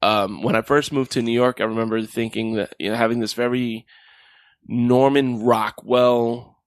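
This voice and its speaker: A man's voice: medium pitch, moderate pace, no echo. Casual man co-hosting a podcast, dry mic. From Miami. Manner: animated storytelling with playful character voices. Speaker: podcast co-host presenting a list. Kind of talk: casual chat.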